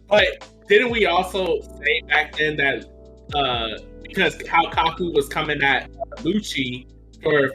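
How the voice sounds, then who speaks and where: A man with a bright, forceful voice pitched a little high, talking animatedly in a casual podcast chat. He slips into quick acted-out lines for characters. Faint music sits behind him. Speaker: podcast panelist.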